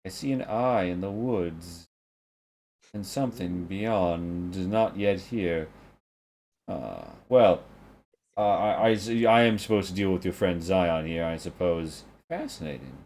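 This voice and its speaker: A man voicing a solemn male priest who claims to see all, speaking slowly in grave, archaic phrases. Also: deep voice, a little mellow, slight background noise.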